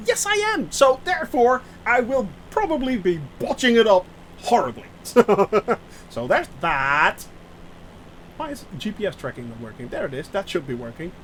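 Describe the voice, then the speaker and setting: High, lively man streaming a flight sim. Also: a little hiss or hum, low-quality recording. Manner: rambling, self-mocking, answers chat aloud; halting, many fillers and restarts. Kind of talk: live-stream chat while playing.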